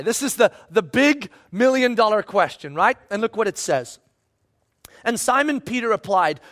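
A man preaching a sermon in an animated way, acting out voices and shouting at times for emphasis. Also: high voice, normal speed.

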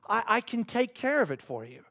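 A man voicing God in a sermon story, speaking softly, low and unhurried. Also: big pitch swings, creaky, heavily acted. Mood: gentle. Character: calm patient male God, speaking gently.

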